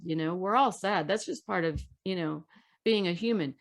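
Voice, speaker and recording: A woman's voice: lowish voice, normal speed, creaky. A woman hosting a podcast, talking in an emphatic, direct way as she gives advice in a casual discussion. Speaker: podcast host.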